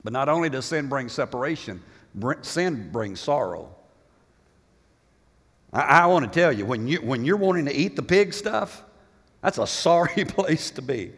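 A man preaching a sermon as pastor, impassioned, swinging between loud bursts and hushed passages. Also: mid-range voice, lively intonation, moderate pace, husky. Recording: long hall reverb.

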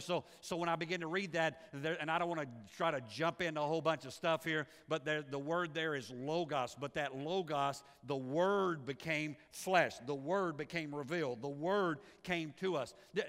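Animated preacher in a reverberant hall. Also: male voice, fairly high pitch. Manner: animated, repeats words as he builds a point. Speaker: pastor. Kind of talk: sermon.

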